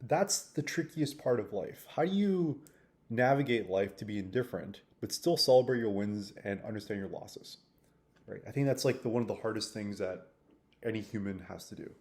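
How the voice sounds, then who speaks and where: Low, mellow-voiced man musing aloud. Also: moderate pace. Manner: thoughtful, rambling with restarts and fillers. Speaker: vlogger. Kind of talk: reflective personal vlog.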